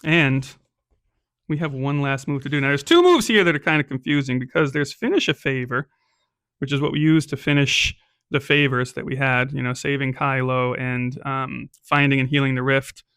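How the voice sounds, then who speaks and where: A man's voice: mid-range voice, moderate pace, clear, resonant tone, no room sound, studio quality. Laid-back man narrating a solo tabletop game. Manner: relaxed, rambling, with frequent ums. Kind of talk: casual solo role-play narration.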